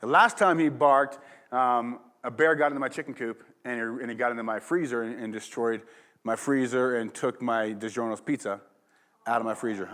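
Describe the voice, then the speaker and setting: A man's voice: medium pitch, normal speed, a bit bright. A pastor giving a sermon, telling a rambling personal story in a casual, chatty way and laughing along as he goes. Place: church.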